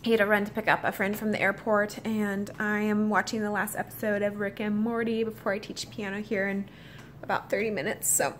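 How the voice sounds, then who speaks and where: A woman's voice: medium pitch, a little fast, slight background noise. Chatty young woman vlogging at home. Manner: chatty, relaxed, talks to the camera. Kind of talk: casual vlog chat.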